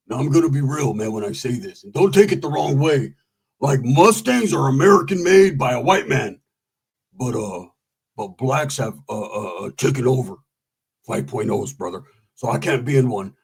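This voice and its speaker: Casting: man, slightly raised pitch, husky tone, profane rambling storyteller. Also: expressive, normal speed. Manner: rambling, profane, with frequent asides and laughs.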